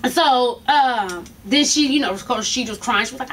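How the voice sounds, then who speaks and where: A woman with a high voice, speaking unhurriedly, hosts a casual gossip recap of a reality show. She tells the story animatedly and acts out the quotes, picked up by a distant mic with faint noise.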